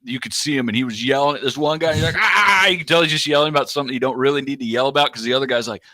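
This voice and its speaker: Animated, bright-voiced man telling sports stories. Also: mid-range voice, rapid-fire, no room sound, clean studio sound. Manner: animated storyteller, acts out yelling and sound effects. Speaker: co-host. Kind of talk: casual sports chat.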